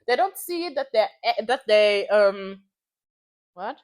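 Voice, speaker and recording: A woman's voice: a little high, lively intonation, moderate pace. A woman in her twenties venting in a casual vlog, frank and heated, swearing freely and repeating phrases for emphasis. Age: 20s. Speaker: vlogger.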